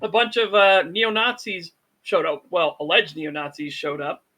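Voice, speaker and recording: A man with a high, bright voice on a casual podcast. He talks bluntly and swears freely, telling stories with animation. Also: normal speed. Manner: blunt, profane, animated storytelling. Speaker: podcast co-host. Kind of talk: casual chat.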